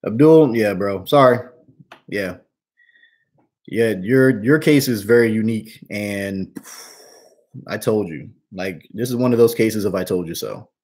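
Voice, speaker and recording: Laid-back slangy guy, lowish voice. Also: unhurried, pauses often, a little mellow. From New Jersey. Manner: slangy, laid-back, calls people bro and man. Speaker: host answering viewer questions. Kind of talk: casual live Q&A chat.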